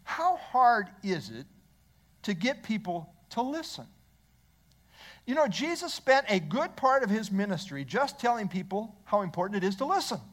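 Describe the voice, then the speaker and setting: A man's voice: high voice, sing-song, moderate pace, fairly bright tone. A male pastor preaching a sermon in church, asking the congregation rhetorical questions.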